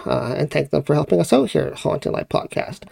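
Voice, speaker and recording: Male podcast host, gravelly voice, slightly high pitch, upbeat promo announcements. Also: lively intonation, fairly quick, warm tone.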